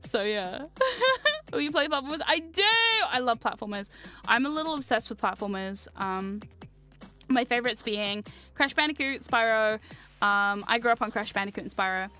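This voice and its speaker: A woman's voice: a little high, lively intonation, normal speed, sharp tone. A young woman streamer chatting casually and animatedly, reading chat aloud and swearing freely. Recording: faint music behind.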